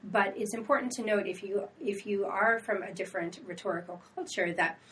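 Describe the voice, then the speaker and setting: Woman writing-center director, steady explainer, slightly distant mic with faint hiss. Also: medium pitch. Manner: measured, explanatory. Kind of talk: casual academic conversation.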